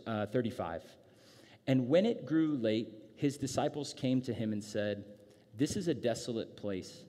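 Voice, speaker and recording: A man preaching a sermon in a casual, conversational way, acting out characters with playful sarcasm. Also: mid-range voice. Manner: casual, animated, acts out disciples with sarcasm. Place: church gathering space. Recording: reverberant hall sound.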